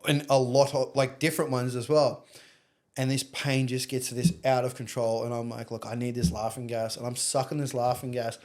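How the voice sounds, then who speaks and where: A young adult man with an Australian accent tells his story as a podcast guest. He talks candidly and rambles, with plenty of swearing. His voice sits at an ordinary middle pitch. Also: little pitch movement, moderate pace, darkish tone. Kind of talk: casual storytelling interview.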